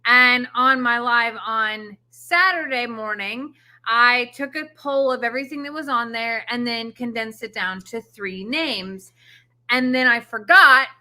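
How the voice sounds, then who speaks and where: Woman co-host with a bright high voice, lays stuff out step by step. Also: a little slow. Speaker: co-host of an animal sanctuary channel. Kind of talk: casual chat.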